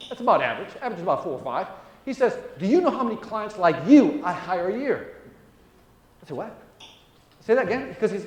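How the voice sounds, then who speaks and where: A middle-aged man, a sales trainer, telling a story on stage and acting out the dialogue, often asking "right?" to the audience. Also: sits high. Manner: animated, acts out dialogue, frequent "right?". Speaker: sales trainer and motivational speaker. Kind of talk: storytelling keynote talk. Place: large event room. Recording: echoey room.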